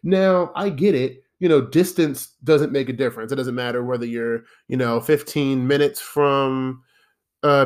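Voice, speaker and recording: A man hosting a solo podcast, ranting in an exasperated, profane, rambling way. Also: medium pitch. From United States. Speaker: podcast host.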